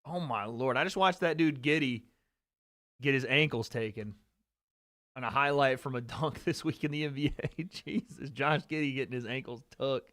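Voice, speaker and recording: A young man hosting a live watch-party stream, chatting casually and excitably, swearing freely as he reacts. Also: mid-range voice, moderate pace, no room sound. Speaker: livestream host.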